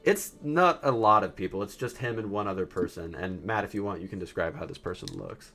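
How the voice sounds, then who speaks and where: Brief: male game master, low-ish voice, easygoing and filler-heavy narration. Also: a little fast, music in the background. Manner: loose, hesitant, many fillers.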